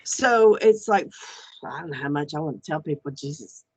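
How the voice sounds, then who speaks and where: Animated outspoken woman, dry sound. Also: sits low, normal speed, breathy edge, no echo. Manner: animated, frank, swears casually. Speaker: podcast guest, archpriestess. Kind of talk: casual chat.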